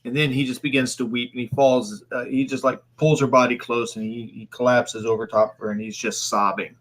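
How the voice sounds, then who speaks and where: Game master, male, bright voice, stop-start delivery. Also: medium pitch, little pitch movement. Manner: halting, many fillers and restarts. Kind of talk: narrating a tabletop game.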